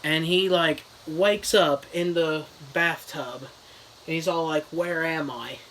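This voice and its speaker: A man's voice: on the high side, steady tone, slow pace, fairly bright tone, a little hiss or hum, low-quality recording. A man giving a crude joking fake book review, rambling with lots of "you know" and "uh".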